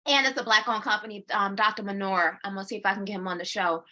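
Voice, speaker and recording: Bright-voiced woman in her forties. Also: mid-range voice, fast talker. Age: 40s. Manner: animated, repeats herself, laughs often; slips into quoting her own inner voice. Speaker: co-host. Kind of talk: casual chat.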